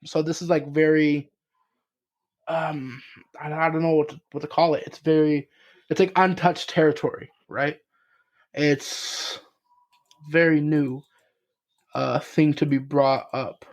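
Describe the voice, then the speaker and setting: Young male podcast co-host, slightly higher voice, loose rambling delivery packed with "um"s and "right?"s. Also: steady tone, unhurried, long pauses. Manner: rambling, many fillers and restarts, swears casually. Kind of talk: casual chat.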